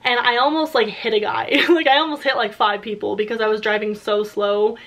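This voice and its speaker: A young woman in her twenties telling a story casually, animated, laughing often, with many filler words. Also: on the high side, a little fast. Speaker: YouTuber.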